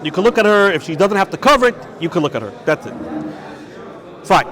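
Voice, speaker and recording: A rabbi gives a lively yeshiva lecture on Jewish law. His voice sits high for a man and swings widely in pitch. He poses questions and answers them himself, and he works Hebrew and Yiddish terms into his English. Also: quick pace. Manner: animated, asks and answers his own questions.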